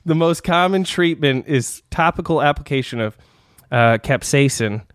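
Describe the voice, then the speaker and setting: A comedy podcast host with a slightly high, animated, clear and resonant voice speaks at a moderate pace in a dry, clean studio recording. He rambles and laughs through a bit where he plays a doctor reading out fake diagnoses, restarting often.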